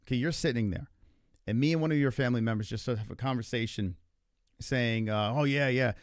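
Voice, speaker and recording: A man's voice: mid-range voice, steady tone, fast talker, no room sound, clean studio sound. A man hosting a livestream in casual, argumentative chat, swearing freely and rambling with lots of filler words. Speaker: livestream host.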